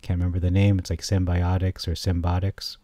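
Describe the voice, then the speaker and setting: A man giving a casual, rambling stock chart analysis, often correcting himself and getting excited. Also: low voice, fairly quick, dry recording. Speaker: stock market commentator.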